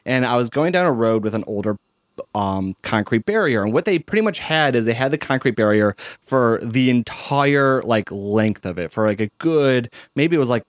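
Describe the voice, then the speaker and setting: Male co-host, casual rambling storyteller, mid-pitched, worked-up ranter. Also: lively intonation, normal speed, no echo, studio quality. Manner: rambling, heavy use of "like", gets heated.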